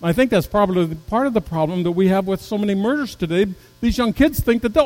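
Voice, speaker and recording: Mellow-voiced man preaching a sermon. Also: fast, hardly any pauses, poor audio. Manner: rises to emphatic peaks, drops low and soft. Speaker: pastor.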